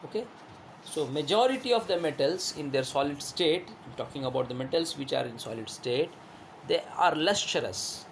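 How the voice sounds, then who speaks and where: A male teacher gives a classroom lesson, repeating himself, asking rhetorical questions and holding up objects as he explains. His voice is fairly high, animated and gravelly, at a moderate pace, with a little hiss or hum on the recording.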